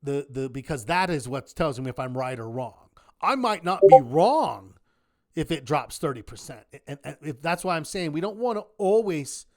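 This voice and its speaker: A man teaching a live online trading class in a lively manner, often asking rhetorical questions. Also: a little high, normal speed. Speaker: trading instructor.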